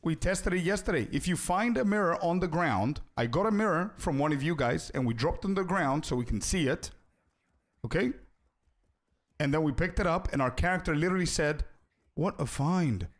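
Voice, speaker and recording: A man's voice: a little high, lively intonation, fairly quick. A young man streaming a game, chatting casually with viewers and answering their questions. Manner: chatty, answers chat, says "bro" often. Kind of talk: casual live-stream chat.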